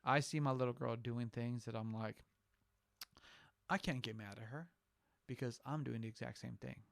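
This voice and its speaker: A man's voice: medium pitch, moderate pace, creaky, no room sound. A man co-hosting a casual podcast and talking as a father, rambling and often restarting his sentences. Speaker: podcast co-host; father of a young daughter.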